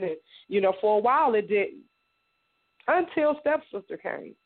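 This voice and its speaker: Woman telling her story over a tinny line. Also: medium pitch. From Indiana, United States. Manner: halting, repeats words, acts out others' lines. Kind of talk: personal testimony in a radio interview. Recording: tinny phone-like radio sound.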